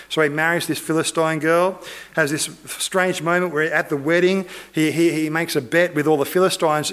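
Conversational, higher-voiced male preacher. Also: moderate pace. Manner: conversational, animated storytelling with asides to the audience. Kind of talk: sermon retelling a Bible story.

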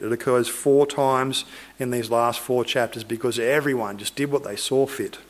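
A man's voice: medium pitch, normal speed. A man preaching, retelling a Bible story in a loose, conversational way with asides to his listeners.

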